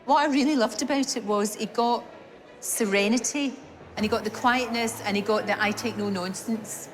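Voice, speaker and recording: A middle-aged Scottish woman chatting warmly and effusively as the sitter at a portrait unveiling. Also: fairly high pitch, fairly even intonation, normal speed, faint music behind. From Scotland. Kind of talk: unscripted chat at a portrait unveiling. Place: gallery event.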